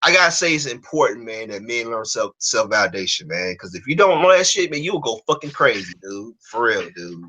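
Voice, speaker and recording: A man chatting casually on a stream, telling an animated story full of profanity and restarts. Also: medium pitch, brisk, few pauses, breathy edge, low-quality recording. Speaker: stream co-host. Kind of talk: casual chat.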